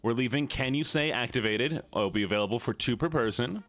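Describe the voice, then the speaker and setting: This live-streamer talks a little fast in a fairly bright tone, teasing and joking with his viewers in casual chat. When he acts mock-upset, his voice rises into a high squeal.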